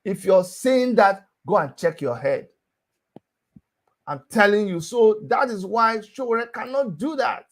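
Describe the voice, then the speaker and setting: Impassioned man, high voice. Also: lively intonation, unhurried. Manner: impassioned, rhetorical questions, hammering repetition. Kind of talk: heated political talk show.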